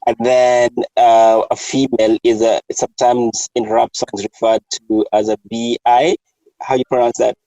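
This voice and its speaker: A man hosting a casual chat, animated and laughing often, restarting his sentences. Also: mid-range voice, normal speed, no room sound, lo-fi sound. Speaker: host.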